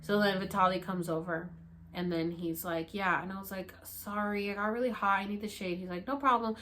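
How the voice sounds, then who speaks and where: A young woman vlogger telling a story casually and animatedly, acting out her own pleas in high, loud bursts and swearing freely. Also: steady tone, a little fast, a little hiss or hum.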